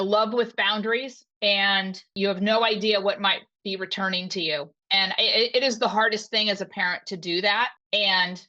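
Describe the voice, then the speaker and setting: A woman's voice: mid-range voice, pushed and bright. A woman hosting a podcast interview, speaking in an encouraging way about hope and boundaries. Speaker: podcast host. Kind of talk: interview conversation. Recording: dull lo-fi audio.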